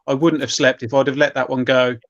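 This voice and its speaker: A man's voice: medium pitch, flat delivery, fast talker. A man co-hosting a casual live stream, chatting and telling stories in an apologetic, easygoing way. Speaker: co-host. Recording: slightly dull lo-fi audio.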